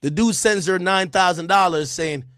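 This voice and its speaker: A man from Jamaica hosting a casual livestream, talking loud and animated, acting out quotes between laughs. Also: sits high, normal speed, no room sound, clean studio sound. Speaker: streamer host.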